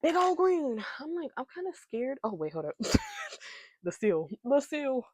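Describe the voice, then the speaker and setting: A woman's voice: fairly high pitch, very animated, unhurried, dark tone. A young woman hosting her podcast, chatting casually and playfully to herself while doing her makeup. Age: young adult. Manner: playful, giggly, talks to herself. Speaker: podcast host.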